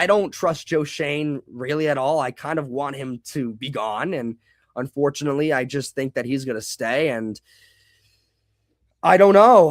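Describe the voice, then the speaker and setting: A young man with a fairly high voice hosts a live football reaction stream. He rambles, restarts his sentences and reads chat comments out loud. The sound is close and dry, with no room around it. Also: no room sound.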